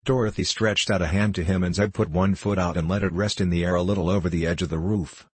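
A man reading a children's storybook aloud in a steady, even voice. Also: low voice, quick pace, husky, no echo. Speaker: audiobook narrator. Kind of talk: storybook narration.

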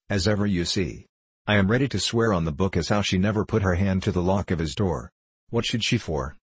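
A man's voice: deep voice, slightly rough, dry recording. A man voicing a portly, nervous Irish woman cook who rambles and pleads, with an Irish accent, in a storybook reading.

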